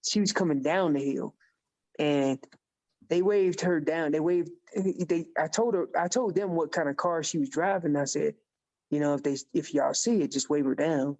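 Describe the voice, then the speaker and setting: A man guest on a podcast, telling a hunting story in a casual, animated way and acting out the dialogue. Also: a little high, moderate pace. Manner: animated storyteller who acts out quoted dialogue. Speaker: podcast guest, elk calling champion.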